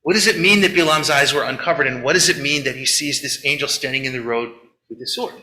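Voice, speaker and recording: Male rabbi giving a sermon, bright and tense tone, roomy echo. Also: medium pitch, fast talker, slight background noise. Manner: animated storyteller, acts out quotes, chatty asides. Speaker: rabbi leading a Shabbat service. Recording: echoey room.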